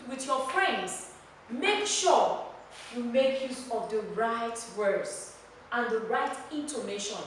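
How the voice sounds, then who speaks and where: A woman's voice: high-pitched, a bit bright, a little hiss or hum. A woman with a Nigerian accent teaching a classroom lesson, emphatic and repeating key words as she drills the class. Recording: echoey room, mic far off.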